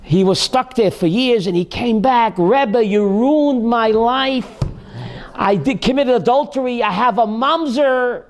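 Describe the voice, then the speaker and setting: A man's voice: extremely high pitch, unhurried, pitched above the performer's own voice. A man voicing a distraught woman who accuses her rabbi in a pleading tone while telling a story. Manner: pleading, accusing, repeating herself.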